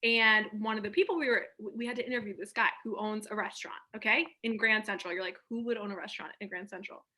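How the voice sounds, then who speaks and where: A woman's voice: mid-range voice, fairly even intonation, fast talker, bright, forceful tone. A young woman co-hosting a podcast, chatting and telling funny stories in a joking, talkative way. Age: young adult. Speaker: podcast co-host. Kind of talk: casual comedic chat.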